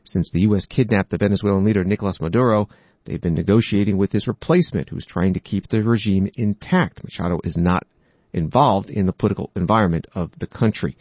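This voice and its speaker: A low-voiced man reads news reports in an even, matter-of-fact way. His voice sounds close and dry, with no room around it, and the audio is a little dull. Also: fast, no room sound. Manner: steady, matter-of-fact delivery. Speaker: news commentator.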